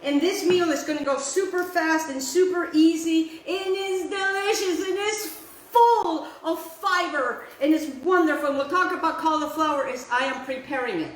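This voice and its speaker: A chatty woman walks her viewers through a recipe with real enthusiasm and slips Italian phrases in as she goes. Her voice sits high, and it carries a roomy echo over faint background noise. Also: normal speed. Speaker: cooking show host. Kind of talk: casual cooking demonstration. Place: outdoor kitchen, windy.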